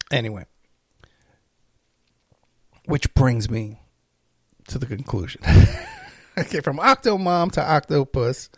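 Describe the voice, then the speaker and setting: Man, podcast host, gravelly voice, dry close sound, rambling story. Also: medium pitch, no room sound. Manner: rambling, laughing, self-interrupting. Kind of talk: casual storytelling monologue.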